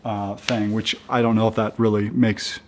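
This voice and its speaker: A man talking casually in a how-to video, halting and upbeat, with many restarts and fillers as he works. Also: lowish voice, level tone. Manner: chatty and upbeat. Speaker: vlogger installing a roof rack.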